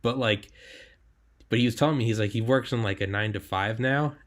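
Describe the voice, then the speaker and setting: Young man, podcast host, slightly low voice, animated, swears a lot, casual chat. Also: fairly quick. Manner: animated, swearing, laughs while telling stories.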